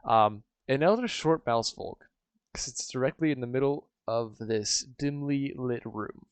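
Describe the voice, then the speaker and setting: A man's voice: medium pitch, lively intonation, a little slow, clear, resonant tone, dry recording. A man running a tabletop game as game master, narrating casually with rambling sentences and many fillers.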